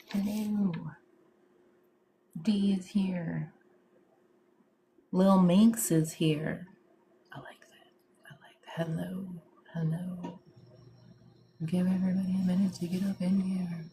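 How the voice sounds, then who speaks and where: Low-voiced slangy woman medium. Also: steady tone, slow, long pauses, dark tone, a little hiss or hum. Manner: slangy and chatty, greets viewers, laughs often. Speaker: psychic medium hosting a live stream. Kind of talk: casual livestream chat.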